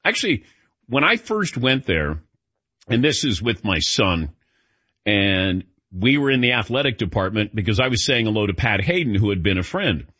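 A man's voice: fairly low pitch, big pitch swings, normal speed, sharp tone, breathy edge, dry recording. A man hosting a sports radio show, chatting casually, joking and telling anecdotes. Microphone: studio mic. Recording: dull, dry studio sound.

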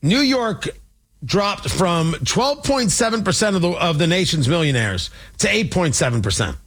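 A male talk radio host from Indiana with a high, lively voice that swings all over. He's sarcastic and rambling, riffing off on tangents between points. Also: normal speed. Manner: sarcastic, animated, digressive. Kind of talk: political commentary.

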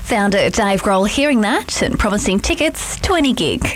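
A woman presenting a scripted radio feature as host, in a measured, composed delivery. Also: mid-range voice, animated, a little hiss or hum.

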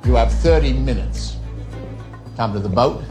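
An actor playing a threatening Australian father in an exaggerated put-on Australian accent, with slow, menacing delivery. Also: medium pitch, animated, close to an everyday voice. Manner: slow, threatening, rising to a shout. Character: menacing middle-aged Australian dad issuing threats. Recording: film clip under loud music.

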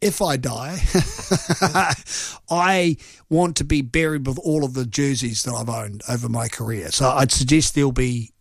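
A middle-aged New Zealand man hosting live sports radio in a loose, joking way, often poking fun at himself and drifting through fillers and restarts. His voice sits at a middling pitch and is recorded dry and close in the studio. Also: measured pace, creaky, no echo. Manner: chatty, joking and self-mocking, rambling with filler words. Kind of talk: casual live radio chat.

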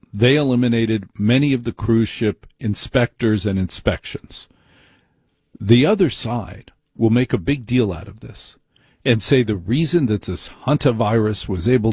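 Middle-aged man, husky voice, blunt and wry commentary, dry close mic. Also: medium pitch, darkish tone, no echo. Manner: blunt, wry, rambling asides. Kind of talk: opinionated monologue.

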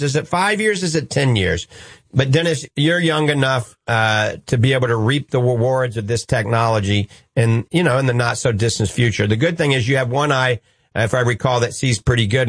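A man's voice: mid-range voice, fairly bright tone, no echo. Upbeat New Orleans radio host man. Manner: upbeat, preachy, joking. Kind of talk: call-in radio talk.

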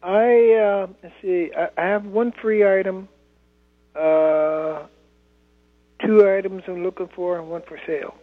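A man calling in to a radio swap show, listing items in a halting way with many fillers. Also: high-pitched, steady tone. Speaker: caller. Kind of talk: phone-in chat. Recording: tinny phone line.

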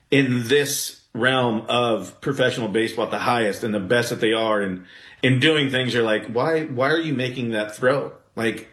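A man, a former pitcher, talking baseball in a blunt, animated way that rises into exasperated outbursts. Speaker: former pitcher, podcast guest. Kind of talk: casual sports talk. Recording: roomy echo.

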